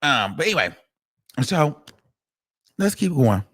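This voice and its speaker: Animated high-voiced man dishing gossip. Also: slow pace, slightly rough. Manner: animated, profane storytelling with bursts of laughter. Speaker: commentary show host. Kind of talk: casual gossip commentary.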